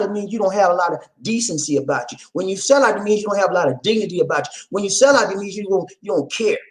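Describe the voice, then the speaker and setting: A man giving casual video commentary, animated and repetitive, laughing often and speaking straight to his viewers. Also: high-pitched.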